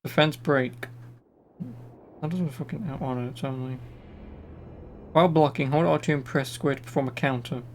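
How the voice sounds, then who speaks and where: A man's voice: mid-range voice, normal speed, long pauses. Young guy streaming a game, chatty and sweary, faint hum behind. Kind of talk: casual gameplay commentary.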